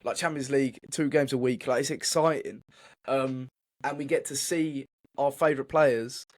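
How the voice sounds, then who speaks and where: A man co-hosting a casual football podcast, excitable and swearing casually. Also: medium pitch, normal speed. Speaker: podcast co-host.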